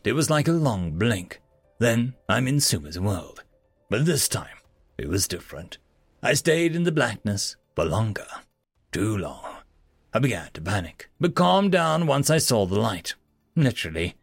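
Gravelly, expressive male storyteller. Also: medium pitch, no room sound. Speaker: audiobook narrator. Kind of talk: first-person storybook narration.

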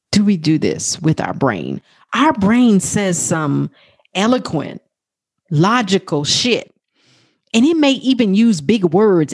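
Woman podcast coach, husky and dry-sounding, swings widely in pitch, slow and swearing freely. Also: no echo. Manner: animated, profane, acts out quoted talk in a high voice. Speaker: life coach and podcast host. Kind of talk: motivational podcast monologue.

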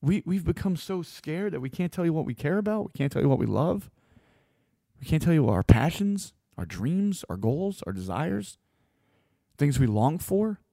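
A man delivering a blunt, opinionated monologue as a host, swearing freely and getting animated. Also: fairly high pitch, moderate pace, creaky, dry recording, clean studio sound.

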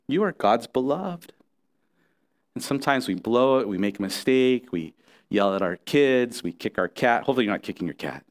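A man's voice: mid-range voice, expressive, moderate pace. A middle-aged man preaching a sermon as pastor, earnest and conversational, with restarts and asides to the congregation.

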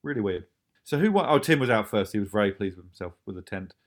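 A man talks fast and easily in a relaxed podcast chat, looking back on how his show was made. He laughs often and keeps the words tumbling out. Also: on the low side. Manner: quick, chatty, laughs often. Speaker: show creator talking about his series.

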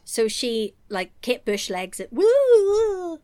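A woman hosting a casual chat, recapping a story in an animated, joking way and laughing often. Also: medium pitch, moderate pace.

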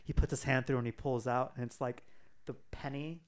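A man's voice: mid-range voice, fairly even intonation, a little fast. A man in casual chat, retelling a comic book plot in a rambling way with lots of fillers.

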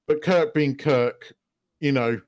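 A man talks films with a co-host in relaxed, unscripted chat, swearing freely. He acts out the lines he quotes. His voice sits at a middle pitch, and the recording is dry and close. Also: takes it slowly, no room sound. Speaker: podcast co-host. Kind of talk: casual film discussion.

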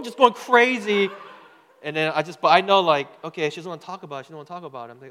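A man's voice: fairly high pitch, lively intonation, very fast, a bit bright, slight background noise. A man giving a sermon with a personal story, talking loosely and conversationally, repeating words and asking the crowd "right?" as he goes. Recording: long hall reverb.

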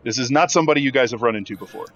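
A man's voice: mid-range voice, very fast, fairly bright tone. Man, game master narration, many fillers, dull lo-fi sound. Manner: descriptive, filler-heavy narration.

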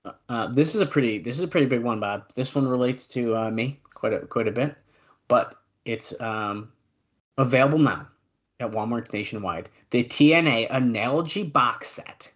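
A male podcast co-host in casual chat, reading out old news notes and adding quick asides. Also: mid-range voice.

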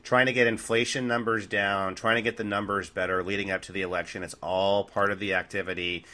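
Male co-host, lowish pitch, tense bright tone, blunt and emphatic in political chat. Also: little pitch movement, brisk. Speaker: podcast co-host.

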